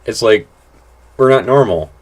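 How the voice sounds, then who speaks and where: A man in mid-pitch giving loose, off-the-cuff commentary over gameplay. He rambles, restarts his sentences, fills gaps with "like" and swears without fuss. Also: lively intonation, unhurried, darkish tone. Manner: blunt, swears casually. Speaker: gaming channel host.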